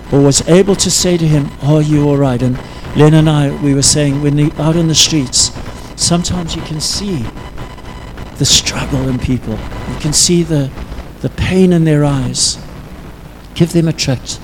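A man preaching a sermon, telling a story in an earnest, halting way that often sinks to a quiet intensity. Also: a little high, noisy background.

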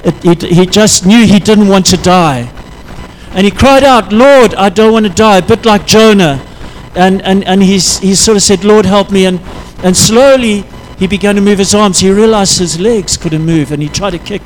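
A man preaching a sermon, telling a story in an earnest, halting way that often sinks to a quiet intensity. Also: high voice, a little hiss or hum, low-quality recording.

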